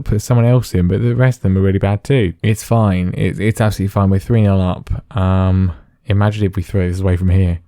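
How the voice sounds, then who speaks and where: A man's voice: on the low side, dark tone, dry recording. Dry-toned man commentating gameplay. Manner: dry, self-deprecating play-by-play with frequent fillers. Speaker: gaming channel host.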